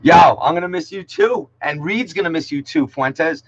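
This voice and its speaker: Excitable New teacher calling out students. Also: male voice, a little high, moderate pace, creaky, muffled recording. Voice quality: slangy, peppers speech with "yo". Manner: excitable, jokey, calls out students by name. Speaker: middle school English teacher. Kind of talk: casual live online class chat.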